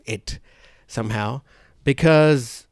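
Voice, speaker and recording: A man hosts a casual podcast, rambling through stories with plenty of fillers and quick laughs. His voice sits in a middle pitch and is recorded dry and close. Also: no echo. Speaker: podcast host.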